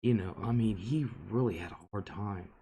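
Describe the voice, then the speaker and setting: On a casual live stream, a host with a lowish, dark, husky voice speaks at normal speed. He reads out viewer comments and responds, rambling on in an indignant way and using frequent fillers.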